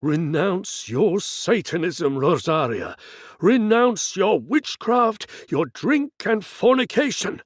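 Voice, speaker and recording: A man voicing a middle-aged exorcist priest who bellows slow, commanding demands at a demon. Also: lively intonation, dry recording, clean studio sound, full character voice. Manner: booming, commanding, drawn-out demands.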